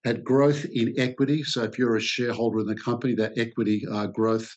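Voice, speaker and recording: An Australian man in his sixties, a sales expert answering interview questions in a thoughtful way, pausing often with "uh". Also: mid-range voice, flat delivery, darkish tone, muffled recording. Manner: thoughtful, hesitant with many "uh" fillers.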